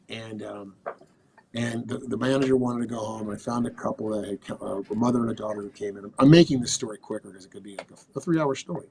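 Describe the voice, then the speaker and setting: A man's voice: mid-range voice, a little hiss or hum. A man speaking as a podcast guest, telling motivational stories in an earnest, emphatic way and repeating key phrases. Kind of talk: motivational storytelling.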